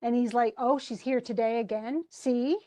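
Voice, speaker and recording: A woman's voice: fairly high pitch, steady tone, normal speed, warm tone. A woman teaching a literature class, chatting about a play and reading lines aloud with frequent laughs. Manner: chatty, reads quotes aloud, laughs often.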